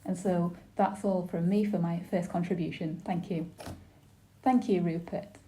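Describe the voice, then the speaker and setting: A woman giving a simultaneous interpretation of a webinar panel, speaking in a measured, formal way with brief pauses and restarts. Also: on the low side, steady tone, background noise.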